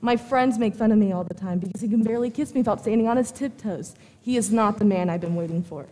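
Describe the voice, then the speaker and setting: A woman's voice: medium pitch, fast, warm tone, natural voice. A woman playing an earnest young romantic waiting for her dream man in a stage play. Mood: complaining. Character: young dreamy woman pining for Prince Charming.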